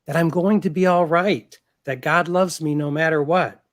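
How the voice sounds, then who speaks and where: Author voicing a sharp, troubled teen boy, blunt and pleading. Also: a little high, steady tone, moderate pace, lightly acted. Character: smart, anxious fourteen-year-old boy artist.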